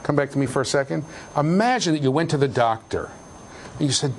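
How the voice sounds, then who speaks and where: A man's voice: a little high, a little fast, a little hiss or hum. A middle-aged man giving a university classroom lecture, joking with students and raising his voice to stress points. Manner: animated, jokey, shouts for emphasis.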